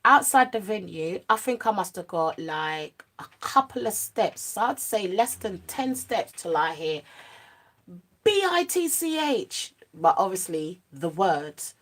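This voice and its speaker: A woman's voice: unhurried, hardly any pauses. Woman telling a story in slang. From United Kingdom. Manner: animated slang-heavy storytelling, drops to a low murmur at serious parts. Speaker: vlogger. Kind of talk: storytime monologue.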